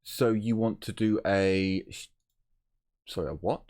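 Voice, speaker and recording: A man running a tabletop game as game master, narrating haltingly with many pauses. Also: lowish voice, fairly even intonation, a little mellow.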